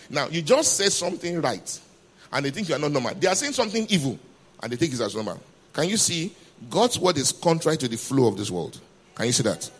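Male preacher, sermon, emphatic call-and-response, highish voice, very lively pitch.

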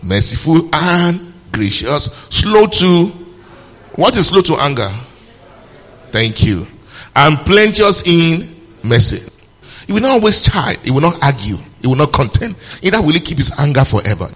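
A man's voice: fairly high pitch, big pitch swings, a little slow, fairly bright tone, long reverb tail. A male pastor preaching a sermon, reading scripture aloud and firing rhetorical questions at his congregation.

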